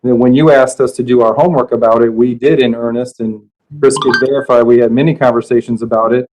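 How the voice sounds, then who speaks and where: A man's voice: medium pitch, steady tone, fast, noisy background. A man serving as school superintendent, explaining budget decisions at a board meeting with hesitant restarts.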